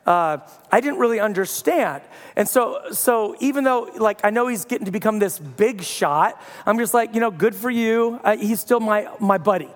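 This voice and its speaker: A pastor in his thirties giving a sermon, telling a funny story with sudden loud bursts. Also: high-pitched, animated, moderate pace. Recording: long hall reverb.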